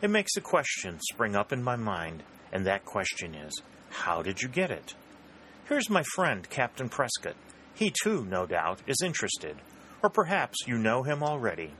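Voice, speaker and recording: A man reading the part of a smooth, bland male government secretary who speaks in even, silky tones. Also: medium pitch, moderate pace, a little hiss or hum.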